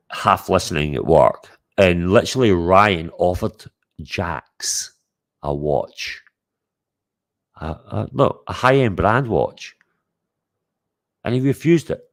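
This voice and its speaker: Scottish male streamer, low-pitched, boisterous sweary host type. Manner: boisterous and sweary, calling out to chat and viewers. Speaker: livestream host. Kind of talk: casual livestream chat.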